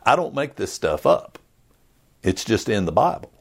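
A man's voice: lowish voice, very animated, moderate pace, gravelly, husky. A man preaching a sermon in an earnest, conversational way, acting out little asides. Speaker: pastor.

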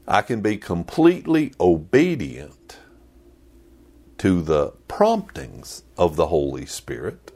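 A male preacher delivers his sermon slowly and deliberately, his low voice swinging widely in pitch. He keeps it conversational and playful, teasing the congregation with asides. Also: vocal fry, darkish tone. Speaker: pastor.

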